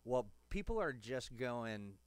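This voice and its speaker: A male host chats in a studio with guests, keen and joking. He reads out viewer comments as he goes. His voice sits at an ordinary middle pitch. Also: big pitch swings, slow, clear, resonant tone, no echo. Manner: jokey, enthusiastic, reads viewer comments aloud. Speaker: show host. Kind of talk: casual podcast chat. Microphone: studio mic.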